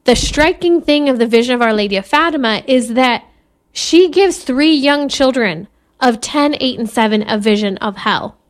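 A woman who is a Catholic speaker and mother, giving an earnest, measured spiritual talk and sometimes laughing softly. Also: fairly high pitch, expressive.

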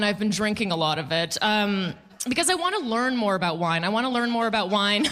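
A woman's voice: fairly high pitch, bright, forceful tone. A woman in her thirties doing a stand-up comedy set, sarcastic, punchy and self-mocking.

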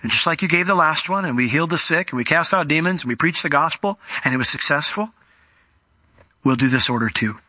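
A male pastor preaching an expository sermon in an animated, conversational way, often acting out quotes. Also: a little high, fairly quick, dry recording.

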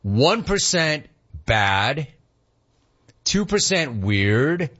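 A middle-aged man hosting a sports radio show, answering listener questions in a casual, animated way and acting out dialogue. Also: fairly high pitch, very slow, dull audio. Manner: animated storyteller, acts out dialogue.

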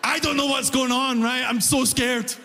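Young man, stand-up comedian, high voice, animated storytelling, hall reverb. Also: normal speed. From immigrant living in Toronto. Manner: animated storytelling, acts out quoted voices, laughs often. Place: comedy venue with audience. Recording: live hall reverb, faint ambience.

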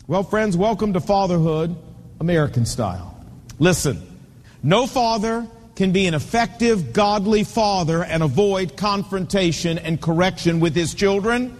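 Male preacher, 50s, high-pitched and emphatic, storytelling sermon style, recorded with long hall reverb. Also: lively intonation, normal speed, a little mellow. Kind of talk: sermon to men on fatherhood.

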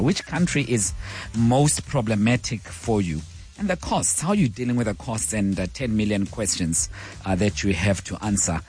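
A man's voice: lowish voice, a little mellow. A man hosting a live radio talk show, speaking with many fillers and restarts.

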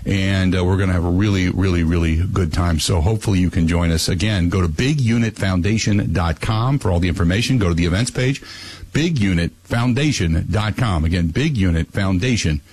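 A man hosting a radio talk show, plugging an event and then ranting, his voice climbing high when worked up. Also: brisk, a little mellow, slightly rough. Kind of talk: casual radio talk and rant.

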